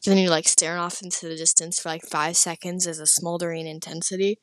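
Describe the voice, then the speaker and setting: A woman's voice: lowish voice, level tone, fast, no echo. A teenage girl telling a personal story in a casual, rambling way, full of fillers, sometimes dropping into a whisper. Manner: chatty, rambling, full of "like", drops into whispered asides. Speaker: vlogger.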